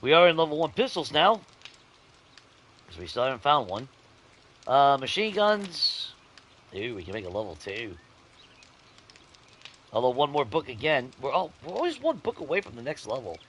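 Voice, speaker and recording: Animated, bright-voiced gaming host. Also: male voice, mid-range voice, normal speed, long pauses, a little hiss or hum. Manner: chatty, profane, swings between grumbling and giddy excitement. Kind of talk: casual let's-play commentary to viewers.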